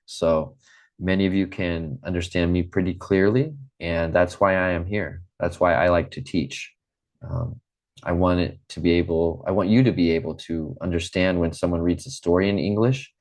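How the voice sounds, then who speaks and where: A man from the American Midwest teaching an online English class, speaking slowly and clearly and often checking in with "okay". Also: low voice, steady tone, a little mellow. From Midwest United States.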